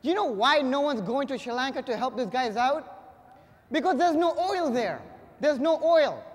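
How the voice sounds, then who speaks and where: Young man, stand-up comedian, punchy, high-pitched, reverberant hall. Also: moderate pace. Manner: punchy, energetic delivery with bursts of shouting. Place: live comedy stage before an audience.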